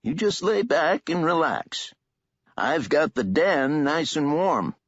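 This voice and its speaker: A chatty old man fusses over someone with a drawling, sing-song delivery, his voice climbing and dipping all over the place, as a male narrator puts him on. The tone is husky, and the audiobook recording sounds dull and dry. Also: on the high side, big pitch swings, takes it slowly, fairly bright tone, no echo, pitched above the performer's own voice, heavily acted. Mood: friendly. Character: chatty kindly old man, folksy and fussing. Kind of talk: audiobook character voice.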